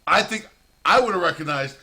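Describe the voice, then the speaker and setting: A man's voice: sits high, expressive, fairly quick, bright, forceful tone. A man telling a rambling, profane prison story in a casual monologue.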